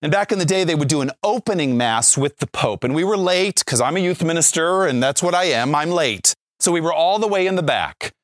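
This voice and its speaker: A man in his forties, a Catholic speaker and former youth minister, telling a story with lively acted-out quotes and frequent asides of "right?". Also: a little high, fairly quick, hardly any pauses, no room sound, clean studio sound. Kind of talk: storytelling faith talk.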